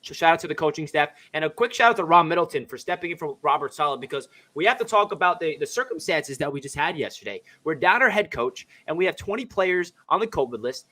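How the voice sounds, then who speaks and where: A man hosting a casual sports chat, excitable and quick-talking. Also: on the high side. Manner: excitable, talks fast. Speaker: podcast host.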